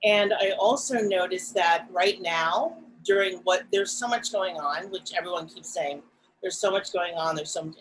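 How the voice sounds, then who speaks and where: A woman co-hosting a podcast, talking in a reflective, casual way, soft-spoken and pausing often with fillers. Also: fairly low pitch, slight background noise, rough recording. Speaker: podcast co-host.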